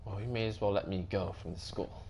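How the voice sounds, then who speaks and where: A man's voice: on the low side, fairly even intonation, fairly quick, darkish tone, slight background noise. A young man commenting on a horror game, panicky, swearing and repeating himself. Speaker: gaming video host.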